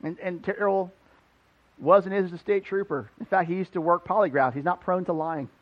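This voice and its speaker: A high-voiced man preaching in a church, a pastor who tells his sermon as a loose, animated story. He talks casually and leans on "like" as he goes. The sound is somewhat dull and lo-fi. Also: moderate pace. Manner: conversational, animated, many "like" fillers. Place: church building.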